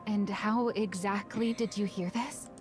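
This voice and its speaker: Woman playing a calm analytical young investigator, measured and inquisitive, mid-pitched, game dialogue with music. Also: natural voice. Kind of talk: game dialogue, voiced cutscene. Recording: game audio with music behind.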